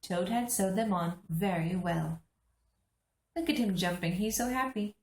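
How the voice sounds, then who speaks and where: A woman reading a children's book aloud to English learners, pausing like a teacher to point out the pictures. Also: medium pitch, a little mellow, echoey room.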